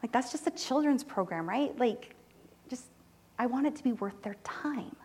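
A woman telling a mission story in a sermon, animated and emotional, dropping to near-whispers when moved. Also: a little high, normal speed, breathy edge. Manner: animated storytelling, voices quoted people, drops to soft near-whispers; emotional, close to tears. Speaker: church speaker reporting on mission trip. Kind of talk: sermon testimony.

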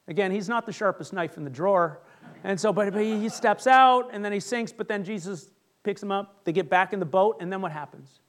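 Man, pastor, sermon, high voice, animated storytelling. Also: a little fast. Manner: animated storytelling, acts out Bible characters.

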